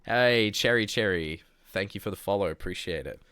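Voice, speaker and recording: Rambling New Zealand man, smooth voice. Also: on the low side, normal speed, pushed and bright, no echo, studio quality. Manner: rambling, full of filler words. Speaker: streamer. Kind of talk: casual chat storytelling.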